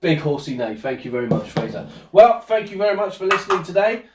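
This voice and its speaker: A man's voice: high voice, big pitch swings, quick pace, very noisy. A man leads a home-school lesson in a cheerful, coaxing way, asking questions one after another. His voice sounds roomy and a little distant from the mic. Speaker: presenter.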